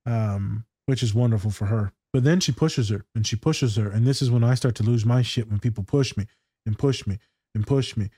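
A therapist chats casually and bluntly about a TV scene, telling stories and swearing plenty. His voice is fairly low, fairly quick, mellow, and husky, recorded in clean studio sound with no echo.

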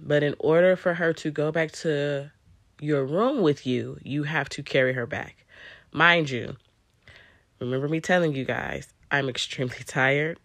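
A young woman vlogger tells a personal story conversationally, filling it with "um" and quoting herself with "I'm like." Her voice is low-pitched and fairly bright, with no echo.

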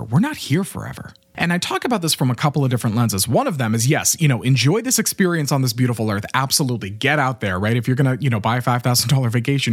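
A man in his late twenties hosts a motivational self-help podcast, speaking with fervent sincerity as he coaches the listener. His voice is slightly husky, and his pitch swings widely as he talks. The recording is close and dry, with no room sound. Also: no echo. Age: 20s. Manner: earnest and fervent, with frequent "you know" and "right?". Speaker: podcast host and life coach.

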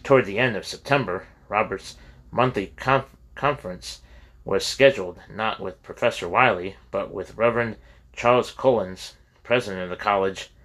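Male audiobook narrator, steady measured reading, slightly low pitch. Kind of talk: scripted narration.

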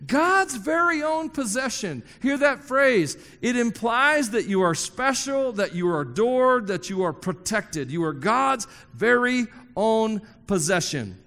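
A man's voice: very high-pitched, very animated, unhurried, few pauses, pushed and bright, big-room sound. A man preaching a sermon to a congregation, joking with the crowd and emphatically repeating key phrases. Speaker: pastor. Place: church hall before a congregation.

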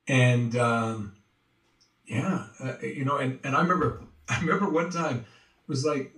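A man being interviewed as a voice actor, telling stories in an animated way and slipping into quick impressions. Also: medium pitch. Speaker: voice actor guest. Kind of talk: casual interview chat. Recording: roomy, distant from the mic.

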